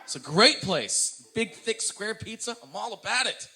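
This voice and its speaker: A man performing stand-up comedy in an animated, self-mocking way, speaking straight to the audience. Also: high-pitched, normal speed.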